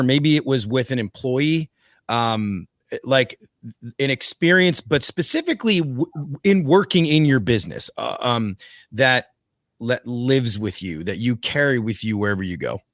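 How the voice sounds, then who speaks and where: A man's voice: mid-range voice, no room sound. Rambling podcast host man, dry sound. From New Jersey. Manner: rambling, restarts while framing questions. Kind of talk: casual interview chat.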